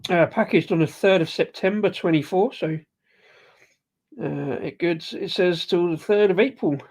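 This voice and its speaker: Hosting a casual live beer review, a man speaks at normal speed in a high, darkish voice. He drifts and hesitates, filling his talk with ums, restarts and self-corrections as he sips and tastes the beer.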